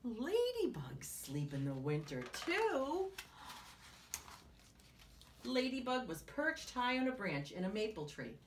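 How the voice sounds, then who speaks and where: Slow, lively woman reading to kids. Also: a little high, a little hiss or hum. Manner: animated, with hushed whispered asides. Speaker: children's story-time teacher. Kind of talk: reading a picture book aloud to children.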